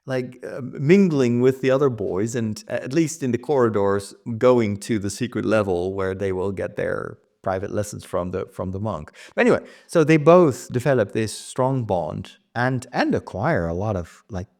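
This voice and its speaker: A man's voice: fairly low pitch, lively intonation, normal speed, creaky, few pauses, a little mellow. A man hosting a casual writing vlog, thinking aloud about his story plans with frequent restarts. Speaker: writer and vlog host.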